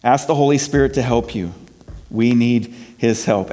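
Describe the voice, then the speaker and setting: A middle-aged man preaching a conversational sermon as pastor. He moves between soft, quiet passages and emphatic ones, and often repeats words as he restarts. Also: mid-range voice, moderate pace. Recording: long reverb of a large hall.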